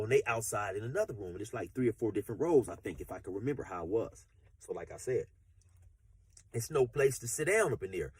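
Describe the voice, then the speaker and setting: A man's voice: mid-range voice, a little mellow, breathy edge, no room sound. A man telling a story casually, rambling with repeated fillers.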